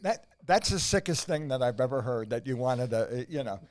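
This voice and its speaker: Lively joking male podcast co-host. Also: a little fast. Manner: booming game-show announcer intro, then loose joking chat. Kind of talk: comedic podcast banter.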